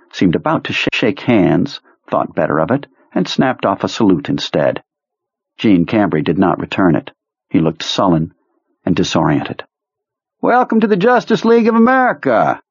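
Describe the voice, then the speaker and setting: Husky, low-voiced man narrating. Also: animated, moderate pace, no room sound, lo-fi sound. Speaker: audiobook narrator. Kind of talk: scripted narration.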